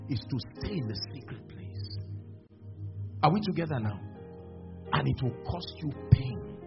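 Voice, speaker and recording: A man's voice: medium pitch, unhurried. A man preaching a sermon at a church service, acting out dialogues as he goes. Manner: animated, acts out dialogues. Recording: dull lo-fi recording with music behind.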